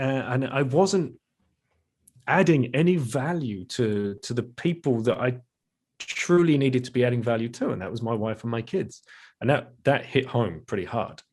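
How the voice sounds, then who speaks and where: A middle-aged man speaking as a podcast guest, candid and reflective, with self-deprecating laughs and frequent restarts. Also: medium pitch. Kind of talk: casual interview talk.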